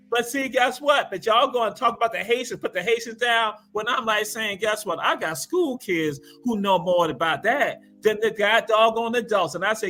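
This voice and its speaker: A man on a live stream panel, explaining history in an emphatic, lecturing way that rises to loud peaks. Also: sits high. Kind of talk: casual panel discussion.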